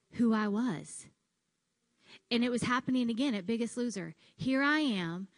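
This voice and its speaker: A woman in her thirties tells her story at a women's conference, and she acts out the lines of the people in it. Her voice sits at a middle pitch and sounds close and dry on the mic. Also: no echo. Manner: animated storytelling, acts out quotes. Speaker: keynote speaker. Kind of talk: motivational speech. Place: conference hall stage.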